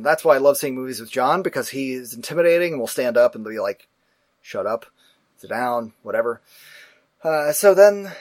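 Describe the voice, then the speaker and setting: A man hosting a casual talk show, telling a story in a profane, animated way and acting out the people in it. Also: medium pitch, dry recording. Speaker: podcast host.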